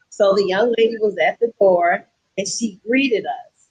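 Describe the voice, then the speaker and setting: A woman with a Southern accent tells a travel story in a lively, casual way, acting out the voices of the people she met. Her voice has a slightly husky edge at a middle pitch. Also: moderate pace, low-quality recording. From Atlanta, USA. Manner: lively, acts out quoted voices. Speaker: guest.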